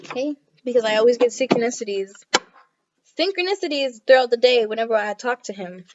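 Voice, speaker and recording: A woman's voice: fairly high pitch, expressive, brisk. A woman doing a casual tarot reading to camera, reading card texts aloud and chatting with many fillers. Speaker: tarot reader. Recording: dull lo-fi audio.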